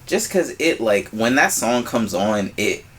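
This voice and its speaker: A man's voice: medium pitch, very animated, unhurried, a bit bright, slight background noise. A young man co-hosting a podcast, chatting casually in a laid-back way, trailing off and restarting as he hunts for words. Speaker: podcast co-host. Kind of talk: casual chat.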